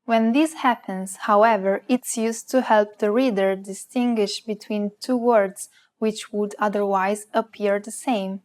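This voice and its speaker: Slow, careful woman co-hosting a lesson. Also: mid-range voice, fairly even intonation, darkish tone. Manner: slow, careful, precise pronunciation of example words. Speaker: language lesson co-host. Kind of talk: scripted lesson with example words.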